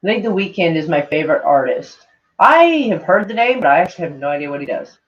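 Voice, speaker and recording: Speaking fast in a deep voice with big pitch swings, this woman vlogger reads out tweets and rambles through her reactions, saying "like" constantly and cursing a lot. The sound is dull and lo-fi.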